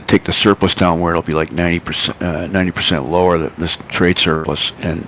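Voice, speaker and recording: A man's voice: low voice, little pitch movement, quick pace, fairly bright tone, a little hiss or hum, rough recording. A middle-aged man hosting a live trading stream, chatting loosely with many fillers and self-corrections. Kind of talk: casual live market commentary.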